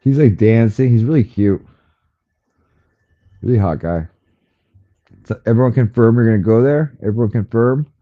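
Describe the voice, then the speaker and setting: At a moderate pace with frequent pauses, a man runs a relaxed livestream from home and talks loosely with his audience. He's rambling and chatty, cooing at his cat in a high baby voice, all through a somewhat muffled headset mic.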